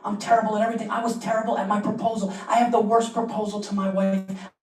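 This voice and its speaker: Man, stand-up comedian, conversational, self-deprecating, slightly high voice, echoey distant sound. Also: level tone, fast talker. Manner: conversational storytelling, self-mocking asides. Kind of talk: stand-up set.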